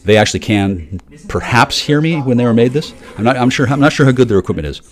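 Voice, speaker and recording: A man's voice: mid-range voice, expressive. A man on a livestream panel delivering a rambling conspiratorial monologue, profane and full of restarts. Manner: profane, rapid, repetitive restarts.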